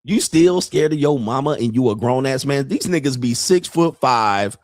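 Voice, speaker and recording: A man's voice: medium pitch, lively intonation, normal speed, no echo, studio quality. A man in his fifties, a show host doing a profane, mocking comedic rant and laughing at his own jokes. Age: 50s. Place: home studio.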